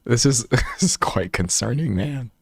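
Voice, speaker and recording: A man of middle pitch delivers sarcastic reaction commentary, mocking and loose with slang, often tripping over repeated words. His voice sits close and dry with no room sound. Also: expressive, measured pace, gravelly, husky, dry recording. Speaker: commentary host.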